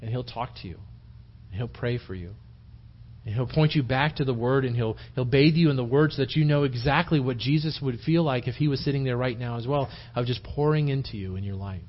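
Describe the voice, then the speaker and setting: Speaking fairly quickly in a mid-range voice, a man teaches Bible study at church as a lay preacher. His sermon is informal and rambling, with many restarted sentences and quotes he acts out, and it comes through as a dull lo-fi sermon tape.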